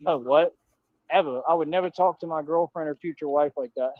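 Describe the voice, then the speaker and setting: A man with a slightly high voice rants defiantly into a livestream, looping back to the same points in loose street slang. The audio is dull and lo-fi, with a dry, close sound. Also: brisk, no echo. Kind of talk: ranting livestream monologue.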